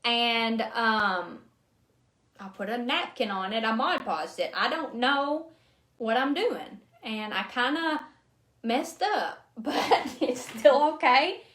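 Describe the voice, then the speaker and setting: With a fairly high, slightly bright voice and lively intonation, a woman hosts a live craft demo at a slow pace. She's a chatty, self-deprecating crafting streamer who laughs often at her own mistakes, recorded in an echoey room with faint noise.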